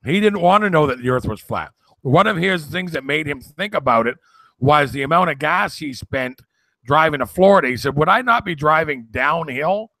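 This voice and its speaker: A man with a gravelly, forceful voice tells a story with earnest conviction, now and then sliding into a sermon-like push. The sound is dry and close. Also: on the high side, animated, normal speed, no echo. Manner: earnest storytelling, builds to preaching. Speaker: co-host. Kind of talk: casual chat, preachy at times.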